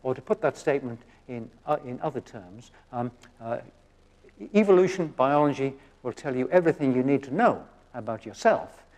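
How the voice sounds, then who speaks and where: Older male professor for a public science talk, loose and conversational, his pitch swinging widely. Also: expressive, moderate pace, darkish tone. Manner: conversational, with frequent restarts and "okay?" checks. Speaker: genetics professor giving a public lecture.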